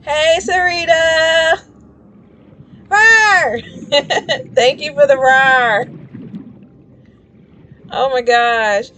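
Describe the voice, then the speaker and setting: A woman's voice: high-pitched, very slow, pauses often, fairly bright tone. A woman chatting casually while streaming a game, rambling and shrieking when startled. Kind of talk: casual gameplay commentary.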